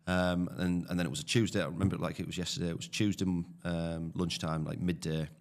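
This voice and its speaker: A man's voice: low-pitched, little pitch movement, fast talker, gravelly. A man with a northeast English accent, telling stories casually as a podcast guest, chatty and full of restarts. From northeast England. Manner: chatty, tells anecdotes with lots of "mate" and restarts. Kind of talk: casual storytelling.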